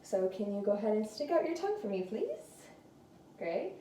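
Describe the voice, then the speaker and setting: A woman's voice: mid-range voice, big pitch swings, fairly quick, dark tone. A woman talking through a clinical nerve exam in a hesitant way, with many fillers, in an echoey room. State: slightly out of breath. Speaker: student doing a clinical neuro exam. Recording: echoey room, faint noise.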